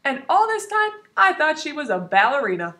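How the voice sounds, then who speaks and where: A woman teacher reading a children's book aloud in an expressive, animated way. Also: high-pitched, brisk. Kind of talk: storybook read-aloud. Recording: roomy echo.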